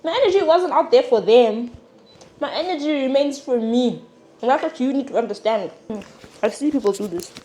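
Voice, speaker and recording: A young woman chats casually into a clip-on mic, frank and unfiltered, with the odd sniffle. Her voice sits a little high and jumps into sudden loud, emphatic bursts. A faint hiss runs under the recording. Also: expressive, moderate pace. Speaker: vlogger. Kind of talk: casual chat while cooking and eating.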